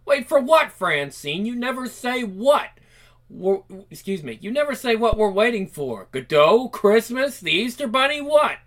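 A man's voice: high voice, sing-song, slow pace, hardly any pauses, a bit bright, exaggerated voice. A man reading as Freddy, a whiny, needy boyfriend. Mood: indignant. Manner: whiny, begging. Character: needy, pleading young boyfriend. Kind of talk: reading a comic aloud.

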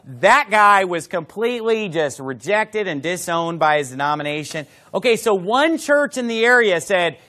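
A male pastor delivers a sermon in a fairly high voice that swoops up and down with animation. He talks emphatically and turns to the congregation with quick conversational asides. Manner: emphatic, lively preaching with asides.

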